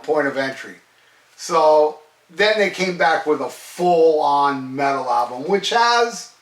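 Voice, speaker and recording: A man's voice: a little high, a bit bright. Enthusiastic rambling man, echoey room. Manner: enthusiastic, rambling, swears freely. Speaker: metal album reviewer. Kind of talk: casual rambling review. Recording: roomy echo, distant from mic.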